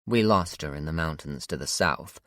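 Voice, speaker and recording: A man's voice: very deep voice, moderate pace, fairly bright tone, dry recording. Male reader voicing a menacing woman gang leader, clipped and threatening, in a dry audiobook read. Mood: cold menace.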